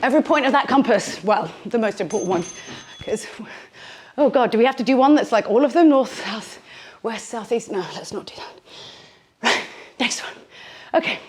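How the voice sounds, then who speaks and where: A woman's voice: fairly high pitch, normal speed, long pauses, a little hiss or hum. A woman leading a home workout, chatty and playful, poking fun at herself as she demonstrates moves in a small room. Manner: chatty, self-deprecating, playful. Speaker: fitness instructor. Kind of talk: casual workout instruction. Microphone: handheld microphone.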